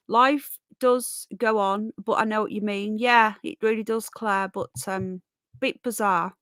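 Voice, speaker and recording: A woman's voice: mid-range voice, a bit bright, no room sound, clean studio sound. A tired, yawning woman hosting a casual live stream, chatting and greeting viewers by name as darling and sweetheart. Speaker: livestream host.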